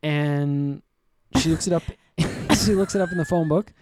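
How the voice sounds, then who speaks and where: A man co-hosting a comedy podcast, rambling through an absurd improvised recap with a deadpan delivery. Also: a little high, moderate pace, noisy background. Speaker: podcast co-host.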